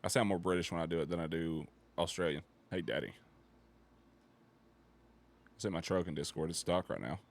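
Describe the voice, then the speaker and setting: A man's voice: deep voice, fairly even intonation, fast talker, hardly any pauses, slight background noise. A man streaming casual commentary as he reacts to videos, joking, swearing and laughing often.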